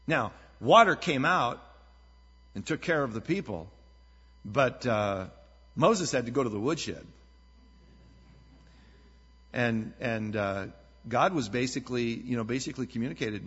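A man's voice: medium pitch, animated, normal speed, pauses often, fairly bright tone, breathy edge. A man preaching a sermon as a pastor, talking in a conversational, earnest way and telling stories with energy. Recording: dull lo-fi sound with long hall reverb.

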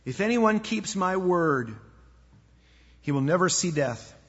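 A man preaching a sermon, his voice a little husky and pitched fairly high for a man. The sound is somewhat dull and lo-fi, with a long reverb trailing off each phrase as if in a church sanctuary. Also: animated, takes it slowly. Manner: earnest preaching, drops to a hush for emphasis. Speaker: pastor. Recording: echoey hall, dull lo-fi sound.

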